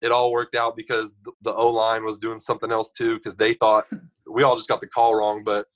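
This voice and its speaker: A young man in his twenties, a podcast guest telling stories in a casual, animated way. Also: lowish voice, a little fast, low-quality recording. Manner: animated storyteller, acts out others' lines. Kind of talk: casual storytelling.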